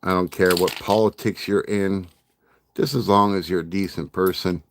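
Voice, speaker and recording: Middle-aged man, lowish voice, rambling chatty stream host, faint hiss behind. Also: fairly even intonation, normal speed. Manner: rambling, joking, laughs often. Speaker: livestream host. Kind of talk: casual chat with live chat.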